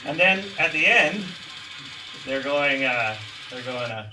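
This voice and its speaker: A man giving a guitar clinic in a music store, talking casually to a live audience in a rambling, animated way with lots of fillers. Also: medium pitch, slow, recorded from a distance, noisy background.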